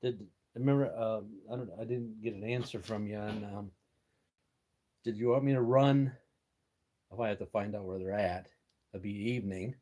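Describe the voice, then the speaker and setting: A man's voice: lowish voice, fairly even intonation, moderate pace, pauses often, warm tone. An older American man hosting a casual live stream from his workshop, chatting with viewers in a folksy way and chuckling as he answers their messages. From United States. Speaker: livestream host.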